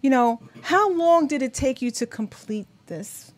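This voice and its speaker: Woman interview host, high voice, emotional, enthusiastic reactions. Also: lively intonation, unhurried. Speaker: podcast host. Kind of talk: interview hosting.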